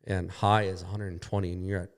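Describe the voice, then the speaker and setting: A deep male voice goes fast with hardly any rise or fall in pitch. The speaker, a podcast guest in a shop, launches into an extended crash story. He rambles, uses profanity, and acts out other people's words.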